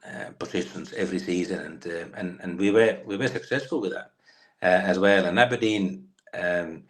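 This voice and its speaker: Finnish ex-footballer, 50s, deep voice, loose anecdotal delivery with lots of ums. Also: male voice, moderate pace. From Finland. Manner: rambling, many fillers and restarts. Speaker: guest, former footballer. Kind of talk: storytelling interview.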